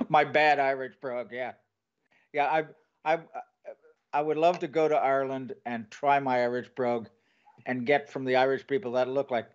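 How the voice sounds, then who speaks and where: A man hosting an interview show, enthusiastic and quick to laugh as he asks his guest questions. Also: mid-range voice, steady tone, clear, resonant tone, lo-fi sound. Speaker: podcast host. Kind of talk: conversational interview.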